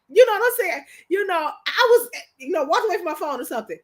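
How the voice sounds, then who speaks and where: A woman's voice: very high voice, lively intonation, fast talker, few pauses. A middle-aged woman co-hosting a podcast, chatting casually and animatedly, with frequent restarts and "you know what I'm saying". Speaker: podcast co-host. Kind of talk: casual chat.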